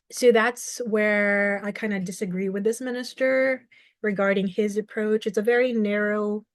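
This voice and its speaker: In a dry, clean studio recording, a young adult woman with a mid-range voice talks earnestly about mental health as an advocate. Her reflective commentary leans on everyday examples, and she plays out little quoted conversations along the way.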